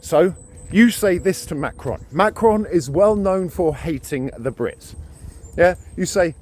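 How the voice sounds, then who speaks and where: Ranting British man, lively pitch. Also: measured pace. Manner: ranting, emphatic, repeats himself. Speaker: vlogger. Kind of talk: opinion monologue to camera.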